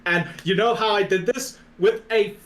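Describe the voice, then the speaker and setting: Excitable profane gamer guy. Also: sits high. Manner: excitable, profane, rapid bursts of disbelief. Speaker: podcast co-host. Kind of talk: casual gaming chat.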